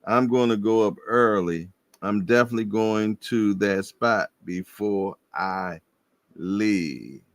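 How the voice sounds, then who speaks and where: A man hosting a casual boxing livestream, slangy and animated, laughing and repeating himself as he reads viewer comments. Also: on the low side, slow pace, no room sound. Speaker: livestream host.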